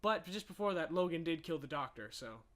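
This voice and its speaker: A man co-hosting a podcast, retelling a movie in casual chat with emotional, animated delivery. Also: on the high side, brisk. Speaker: podcast co-host.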